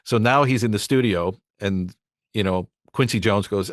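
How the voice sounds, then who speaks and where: A man's voice: lowish voice, steady tone, moderate pace, dry recording, studio quality. A male voice actor telling rambling anecdotes about his work in a casual podcast chat. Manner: rambling anecdotes with restarts and acted quotes. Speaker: voice actor guest.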